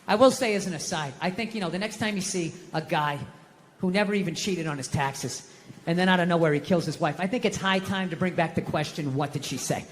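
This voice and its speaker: A middle-aged man rants through a stand-up routine in a high, bright voice, swearing freely and sounding exasperated. His voice rings with long reverb across a live venue. Faint room ambience sits behind him. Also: brisk, a little hiss or hum. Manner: ranting, profane, exasperated storytelling. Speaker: stand-up comedian. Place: live comedy stage.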